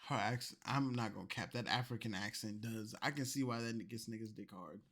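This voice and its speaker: A man reacting to clips in a loose, profane rant, tipsy, swinging between loud outbursts and low mumbling. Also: a little fast. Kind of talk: loose ranting commentary.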